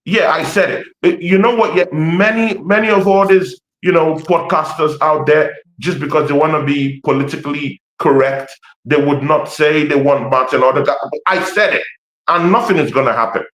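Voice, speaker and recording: A man's voice: a little high, normal speed, fairly bright tone. A man with an African accent talking passionately about football on a podcast, full of fillers and repeats. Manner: passionate, repetitive, hesitant with lots of fillers. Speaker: Arsenal fan pundit. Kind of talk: animated football podcast chat. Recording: roomy echo.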